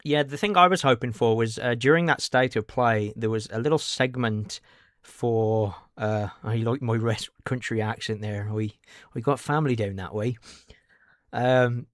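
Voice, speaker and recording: Rambling streamer with a dry sound. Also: male voice, medium pitch, moderate pace, no echo. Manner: rambling, chatty, answers chat, self-interrupting. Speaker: game streamer. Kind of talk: casual livestream chat while playing.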